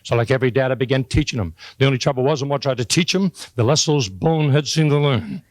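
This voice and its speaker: Folksy older man giving a speech. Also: quick pace. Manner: homespun, joking, swings to high excited peaks. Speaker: motivational speaker. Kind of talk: folksy motivational speech to a live audience.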